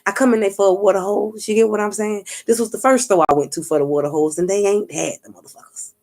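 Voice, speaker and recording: In a medium-pitched voice and at a quick pace, a woman who vlogs and does spiritual readings tells a story casually and animatedly. She curses freely, speaks street-style, acts out what others said and repeatedly asks "you get what I'm saying."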